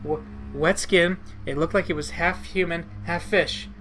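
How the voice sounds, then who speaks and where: Man doing a high, stammering bratty girl. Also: fairly even intonation, measured pace, fairly bright tone, slight background noise, poor audio. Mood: frightened. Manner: stammering, taunting. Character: bratty scared teenage girl assistant.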